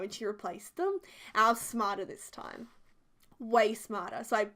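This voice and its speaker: A woman, casually telling a story, chatty and animated with lots of "like". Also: a little high, normal speed. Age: 20s. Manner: chatty and animated, heavy use of "like". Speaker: video creator. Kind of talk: casual storytelling over a build video.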